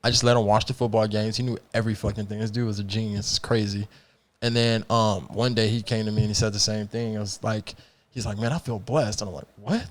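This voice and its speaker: A man's voice: on the low side, flat delivery, quick pace. A man in casual podcast chat, laid-back, often chiming in with agreement and slangy phrasing. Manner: laid-back, frequent "yeah" and "dude" agreement.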